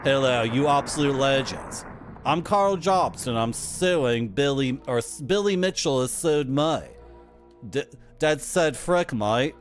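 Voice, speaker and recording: A man's voice: mid-range voice, expressive, slow pace, soft background music. A man putting on a brash, crude Australian bloke. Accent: put-on Australian. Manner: swearing, boastful.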